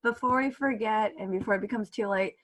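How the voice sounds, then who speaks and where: A woman co-hosts a casual podcast chat in a quiet, encouraging voice. Her voice sits at an ordinary middle pitch. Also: brisk. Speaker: podcast co-host.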